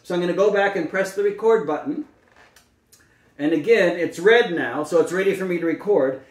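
A speech-language pathologist, a man with a slightly high voice, walks through a demonstration step by step, patient and full of small fillers. He sits back from the microphone, and the room adds a noticeable echo. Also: moderate pace. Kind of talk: instructional demonstration. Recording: roomy, mic at a distance.

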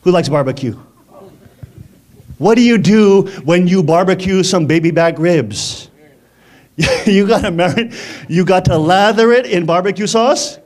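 A man preaching a lively sermon in a conversational way, often laughing and asking the congregation questions. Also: high-pitched, unhurried, long pauses.

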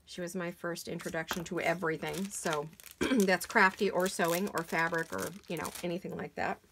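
A hoarse middle-aged woman chats away as she crafts in her home studio, her voice rough and gravelly with a froggy edge. She rambles casually from one thought to the next while working with her hands. A faint hiss sits under the recording. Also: lowish voice, steady tone, moderate pace, a bit bright. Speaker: crafting channel host. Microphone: camera mic while sitting back from a craft table.

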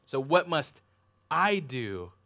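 A man's voice: fairly high pitch, very animated, slow, bright, forceful tone, full character voice. A man preaching a sermon, voicing a proud, self-assured rich young ruler with eager, boastful questions.

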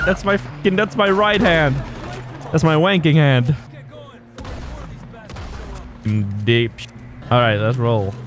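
Excitable laughing gamer man. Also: a little high, moderate pace, pauses often. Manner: excitable, laughs often, jokey. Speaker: gaming YouTuber. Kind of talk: let's-play commentary. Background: faint game music.

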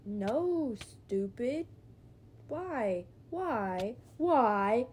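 A young woman giving casual gameplay commentary, excitable and swinging between quiet muttering and loud outbursts. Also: medium pitch, slow pace, pauses often. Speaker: gaming video creator.

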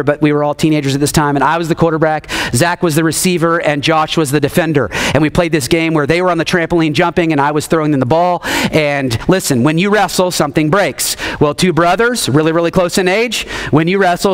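A man in his thirties preaching a sermon, telling stories with animated refrains and calling on the congregation. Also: a little high, clean tone. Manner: animated storytelling, repeats refrains, calls on the congregation. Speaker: pastor.

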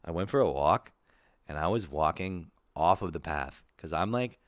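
Animated ranting man, dry close sound. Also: low-pitched, normal speed, dry recording. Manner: animated ranting, swears a lot, laughs often. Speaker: podcast host. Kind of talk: casual profane comedy chat.

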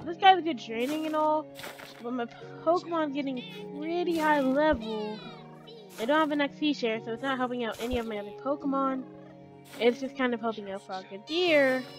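A woman's voice: high voice, moderate pace, over music, low-quality recording. A woman giving chatty let's play commentary, talking to her game characters as she plays. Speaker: gamer.

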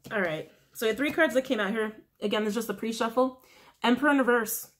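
A woman's voice: fairly high pitch, fast talker. Chatty woman reading tarot. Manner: chatty, rambling, many fillers. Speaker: tarot reader. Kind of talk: casual tarot reading to viewers.

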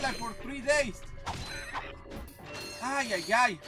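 A man's voice: very high-pitched, expressive, normal speed, over music. A man whose first language is Spanish, hosting a gaming channel with a Spanish accent and chatty, self-deprecating commentary. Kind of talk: casual gameplay commentary.

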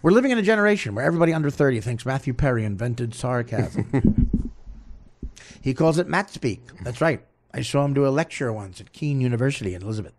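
A comedian hosting a show, delivering a crude, rambling, absurd comic rant. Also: male voice, medium pitch, darkish tone. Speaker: comedian host.

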